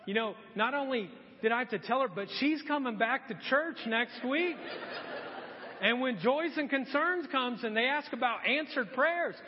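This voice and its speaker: A middle-aged man with a fairly high voice delivers a sermon from the pulpit. He tells his story with animated energy, then sinks to soft, earnest appeals. The sound is muffled and rings with the long echo of a church hall. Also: normal speed. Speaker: pastor. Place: church sanctuary.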